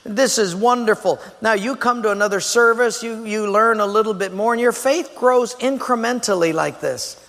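High-voiced animated pastor preaching. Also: male voice, normal speed, few pauses, in a large hall. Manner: animated, acts out little voices and exclamations. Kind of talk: sermon. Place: church sanctuary.

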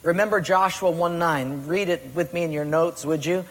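A man's voice: on the high side, normal speed, fairly bright tone. A man preaching a sermon, emphatic, firing rhetorical questions at his congregation. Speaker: pastor. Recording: long reverb of a large hall.

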